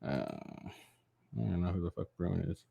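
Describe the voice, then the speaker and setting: A man's voice: low-pitched, wildly swooping pitch, measured pace, vocal fry, dark tone, husky, dry recording, clean studio sound. Tired, profane man ranting casually. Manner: rambling, profane, frequent fillers and restarts. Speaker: political commentary channel host. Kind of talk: casual reading of a news article with rants.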